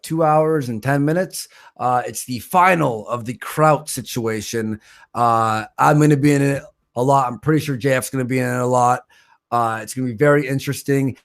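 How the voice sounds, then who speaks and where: A man's voice: medium pitch, normal speed. A man hosting a live stream, casually reading out viewer donations, joking and stumbling over names. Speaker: stream host.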